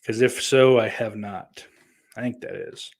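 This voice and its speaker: A podcast host with a lowish, creaky voice takes his time as he reads listener comments. He has a Southern accent, comes from New York, and riffs in a profane, rambling, sardonic way.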